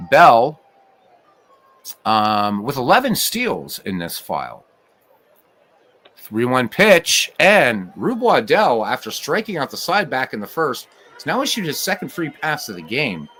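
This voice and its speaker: A man calling play-by-play for a computer baseball game, chatting with viewers between pitches and with wry asides. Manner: lively, rising to shouts on big plays, wry asides. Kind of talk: solo play-by-play commentary with live chat.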